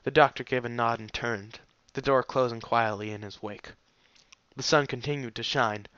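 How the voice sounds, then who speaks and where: Bright-voiced male fan fiction narrator. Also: mid-range voice, clear, resonant tone, dry recording, lo-fi sound. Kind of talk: audiobook reading of fan fiction.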